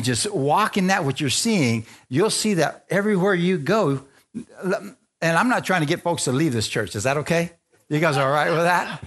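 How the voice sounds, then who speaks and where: Lively preaching man, fairly high voice. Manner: lively, call-and-response preaching with frequent amens. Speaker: pastor. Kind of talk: sermon.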